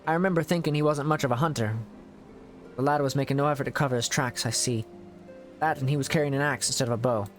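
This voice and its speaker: A man's voice: mid-range voice, quick pace, faint music behind, lightly acted. A man voicing a folksy hunter. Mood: storytelling. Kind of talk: reading game dialogue aloud.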